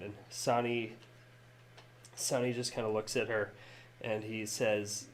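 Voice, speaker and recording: A man's voice: mid-range voice, slow, slight background noise. A man narrating a tabletop game session as game master, hesitant with frequent fillers and restarts.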